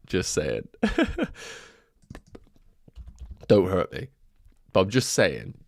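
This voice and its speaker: A man's voice: sits low, no room sound, studio quality. A man with a congested nose, chatting casually to viewers on a livestream, thinking aloud as he goes. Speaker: fantasy football streamer. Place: home room.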